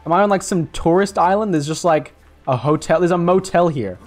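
A man's voice: sits high, brisk, darkish tone, faint music behind. A young man giving casual, jokey gameplay commentary, rambling and swearing as he plays. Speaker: gaming YouTuber.

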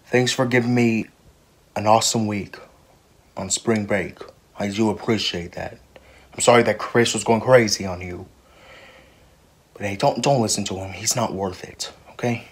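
A man voicing an improvised comedy skit, talking softly with mumbled, halting restarts. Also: fairly low pitch, breathy edge. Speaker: creator voicing all characters.

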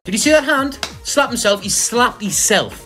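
A man's voice: very high-pitched, animated, normal speed, loud music behind the voice. A man mocking video clips in a profane comedic rant, as host of a reaction video. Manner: swearing, mocking, ranting.

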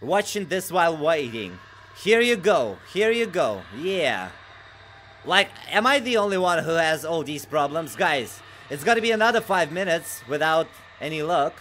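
A man plays a horror game live, reading out chat and chatting casually, shifting between low muttering and loud, excitable shouts. He takes his time, and there's a slight hiss or hum.

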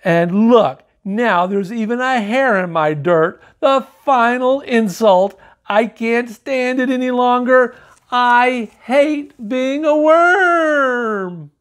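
A man voicing a small, angry boy worm in a storybook, shrieking complaints about his life. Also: slow pace. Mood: indignant. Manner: shrill, complaining rant. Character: angry little boy worm, whiny and fed up.

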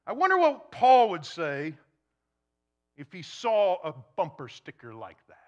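A man preaching a sermon to a congregation, shifting between loud emphasis and hushed near-whispers, and acting out imagined questioners. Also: high-pitched, wildly swooping pitch, measured pace, highs cut off. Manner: acts out imagined questioners in quoted asides. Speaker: pastor.

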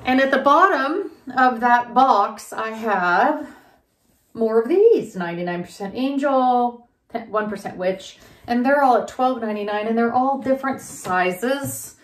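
A woman's voice: fairly high pitch, expressive. Chatty woman unboxing in an echoey room. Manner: chatty and rambling, thinks aloud, quick laughs. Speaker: reseller unboxing grab bags. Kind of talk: casual unboxing vlog.

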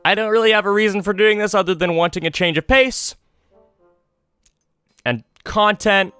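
A man's voice: high voice, normal speed, pushed and bright, clean tone, no room sound, faint music behind. A man hosting a Let's Play, rambling through casual, self-mocking commentary.

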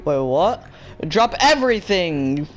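A male gaming YouTuber giving excited, taunting commentary over voice chat, bossing another player around and yelling gleefully. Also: high-pitched, slow pace, over music. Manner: bossy, taunting, yells gleefully.

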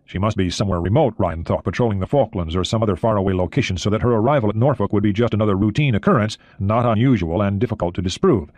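A man reading a thriller audiobook in steady narration. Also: fairly low pitch, fast talker, hardly any pauses, no echo.

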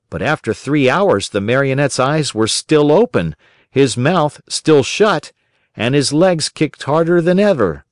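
A man gently narrating a children's storybook audiobook in an expressive reading voice. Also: mid-range voice, dry recording, clean studio sound.

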